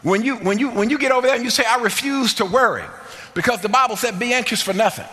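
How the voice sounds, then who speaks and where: A man preaching a sermon in a church, with an emphatic, repetitive cadence that often breaks into shouting, then leading prayer and an altar call. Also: very high voice, fast talker. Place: church sanctuary. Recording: long church reverb with faint music.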